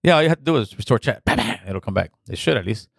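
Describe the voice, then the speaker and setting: A man's voice: lowish voice, lively intonation, very fast, vocal fry, husky, no room sound, clean studio sound. A middle-aged man hosting a casual call-in show, loose and slangy, repeating himself as he talks.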